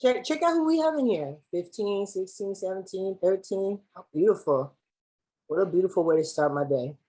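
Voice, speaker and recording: A woman's voice: mid-range voice, lively intonation, normal speed, warm tone, breathy edge, low-quality recording. A woman from Los Angeles facilitating an online workshop over a video call in a playful, slangy, chatty way. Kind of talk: lively online workshop hosting.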